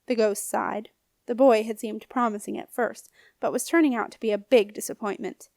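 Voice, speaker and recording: A woman narrating a children's fantasy audiobook in a clear, lively read-aloud manner. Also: medium pitch, normal speed, dry recording, studio quality. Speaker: audiobook reader. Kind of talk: storybook narration.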